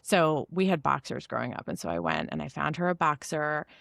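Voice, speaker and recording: A woman hosts a relaxed conversation, sharing a personal story with animated, expressive energy. Her voice sits on the lower side, and the recording is dry and close with no room sound. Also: a little fast, vocal fry, no echo. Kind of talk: casual chat.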